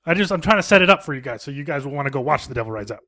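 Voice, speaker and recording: A man hosting a casual podcast from home, retelling a film in a rambling, profane, animated way. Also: medium pitch, very fast. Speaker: podcast host.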